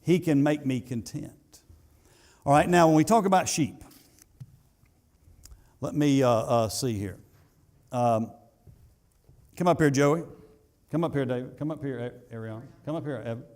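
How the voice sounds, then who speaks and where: A pastor preaching a sermon in a church, building to emphatic peaks and then dropping to soft asides, with some halting repeats. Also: male voice, mid-range voice. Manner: halting repetitions. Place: church sanctuary.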